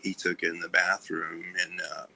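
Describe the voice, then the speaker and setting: A man speaking as a podcast guest, telling a personal story candidly in a halting way, with many fillers and restarts, and often trailing off softly. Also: deep voice, level tone, gravelly, slight background noise, rough recording. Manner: soft-spoken, trailing off. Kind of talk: candid conversation about recovery.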